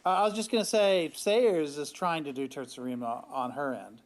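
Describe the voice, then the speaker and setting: Slightly high-voiced man explaining. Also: moderate pace. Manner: explanatory, thinking aloud. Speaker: discussion co-host. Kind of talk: casual live discussion.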